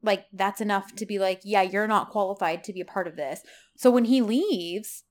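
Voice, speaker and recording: A woman's voice: mid-range voice, normal speed. A woman co-hosting a casual podcast, retelling TV episode scenes and acting out the characters' lines. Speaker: podcast co-host recapping a TV series. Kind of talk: casual chat.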